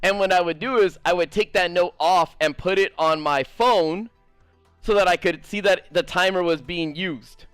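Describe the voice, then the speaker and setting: A male gaming streamer with a high voice tells a rambling story in a loose, profane way, often stopping to talk to his viewers. His voice sounds close and dry, with faint music in the background. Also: smooth, no room sound. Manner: animated, profane, fast-rambling. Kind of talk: casual storytelling stream chat.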